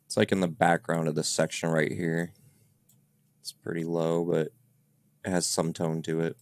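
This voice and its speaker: A man's voice: deep voice, flat delivery, normal speed. A man who investigates the paranormal, chatting casually on a podcast about recordings his team captured. His talk is loose and rambling, full of fillers. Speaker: paranormal investigator reviewing evidence.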